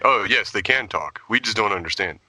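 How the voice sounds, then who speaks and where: A man's voice: lowish voice, animated, fairly quick, pushed and bright, no echo. A man hosting a casual remote group chat, playfully posing questions. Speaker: podcast host.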